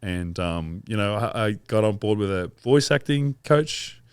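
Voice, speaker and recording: An Australian man in his thirties, chatting as a podcast guest in a relaxed, rambling way with frequent laughs. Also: lowish voice, measured pace, clear, resonant tone, no room sound, studio quality. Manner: laid-back, rambling, laughs often. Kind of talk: casual interview chat.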